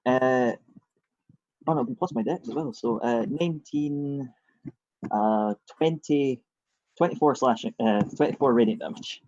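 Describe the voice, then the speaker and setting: A man playing a tabletop game, chatty and jokey as he works through his rolls. His voice has a middle pitch. The recording sounds slightly dull and dry, like a home mic. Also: unhurried, darkish tone, no room sound. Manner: chatty, jokey, thinks aloud over dice rolls. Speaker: player. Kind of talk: casual tabletop game chat.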